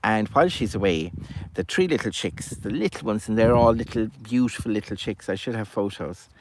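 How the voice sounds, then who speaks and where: A man chatting his way through a puppet tale for children. He rambles a bit, and his voice rises and falls with lively animation. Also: lowish voice, a little fast, a little hiss or hum. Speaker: storyteller. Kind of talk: casual puppet storytelling.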